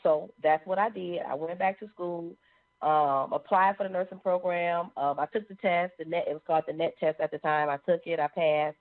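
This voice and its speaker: A woman sharing a personal testimony in an animated storytelling manner. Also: on the low side, moderate pace. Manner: animated, acts out quoted voices. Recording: phone-like narrow sound.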